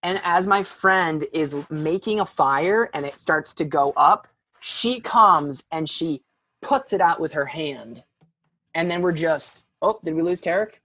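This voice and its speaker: A man's voice: on the high side, unhurried, no echo. A young man, a podcast guest, telling a story casually with lots of "like" and fillers. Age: young adult. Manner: animated, filler-heavy, frequent "like".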